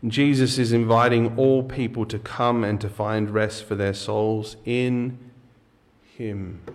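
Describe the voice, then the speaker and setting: A man's voice: medium pitch, little pitch movement, slow. A man preaching a sermon, reading scripture aloud and then explaining it in an earnest, emphatic way with occasional fillers and restarts.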